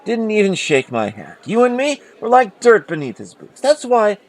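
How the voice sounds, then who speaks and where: A man's voice: sits high, huge pitch swings, moderate pace, voice pushed up. A man voicing a friendly, blunt mercenary captain who has just become a baron, talking in a chummy, conspiratorial way.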